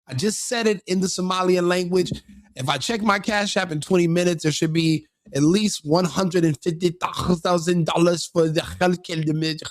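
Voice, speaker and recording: High-voiced joking male streamer. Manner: joking, animated, mocking. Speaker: live-stream host. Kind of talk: casual stream commentary.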